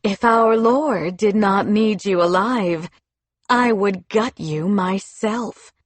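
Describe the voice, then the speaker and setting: A woman's voice: mid-range voice, takes it slowly, no room sound. A woman reading as a venomous, scheming female official. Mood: threatening. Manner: spitting, through gritted teeth.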